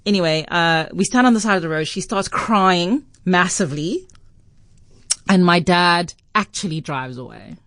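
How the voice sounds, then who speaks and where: Lively South African woman telling a story. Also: lowish voice, moderate pace, no echo. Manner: lively, acts out voices in the story, laughs often. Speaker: radio show host. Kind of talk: animated storytelling on radio.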